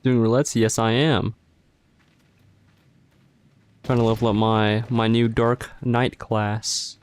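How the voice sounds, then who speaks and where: A man's voice: lowish voice, little pitch movement, unhurried, clear, resonant tone. A man casually narrating his moves while streaming a game, tired and mumbling as he plays. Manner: mumbled play-by-play, trailing off. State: sleepy. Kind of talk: casual gaming livestream commentary.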